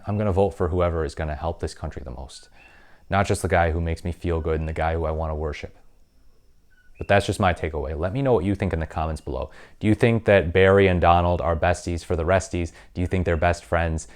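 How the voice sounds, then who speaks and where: A man hosting a political commentary vlog, talking in an opinionated, conversational way with frequent ums. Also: sits low. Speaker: political commentary channel host.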